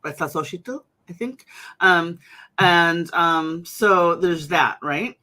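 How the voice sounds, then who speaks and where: A woman's voice: lowish voice, drawn-out words, bright, forceful tone. A woman hosting a casual conversation, chatty, with many fillers and restarts. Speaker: host.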